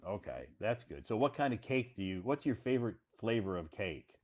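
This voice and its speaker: A man's voice: lowish voice, very animated, fairly quick. A man hosting a casual English conversation lesson, encouraging the learner and rephrasing her answers. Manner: encouraging, rephrases and corrects the student. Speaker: English teacher, host.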